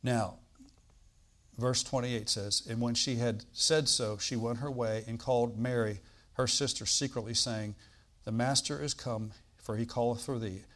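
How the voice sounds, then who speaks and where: A man preaching a sermon, reading scripture aloud and explaining it, swinging from loud bursts to quiet asides. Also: mid-range voice, unhurried. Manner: animated preaching, bursts loud on quoted lines then drops quiet; reads old-style scripture, asides with "all right?".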